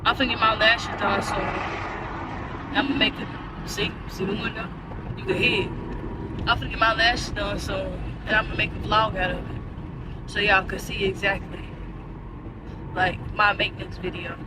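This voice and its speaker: A woman's voice: a little high, distant mic, noisy background. Exasperated young woman ranting in her car. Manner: animated, exasperated ranting with slang. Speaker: vlogger. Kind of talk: casual chat.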